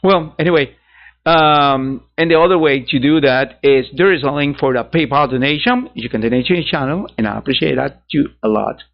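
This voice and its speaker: A man hosts a digital art channel, chatting casually and ramblingly to viewers, correcting himself and chuckling at his own asides. His voice is a little high with vocal fry, a bit fast, and the sound is dull lo-fi.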